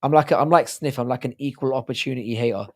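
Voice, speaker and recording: A British man hosts a livestream, bantering crudely and joking with his viewers. His voice is hoarse from a sore throat and has a gravelly rasp. It sits at an ordinary middle pitch. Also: fast. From United Kingdom. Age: adult with a child. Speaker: livestream host. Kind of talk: casual livestream chat reading out viewer comments.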